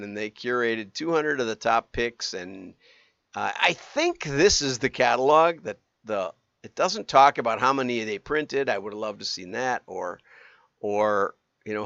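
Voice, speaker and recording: A man's voice: mid-range voice, creaky, fairly bright tone, dry recording, highs cut off. A man hosting a livestream, talking in a rambling, self-correcting way. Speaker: livestream host. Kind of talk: casual commentary.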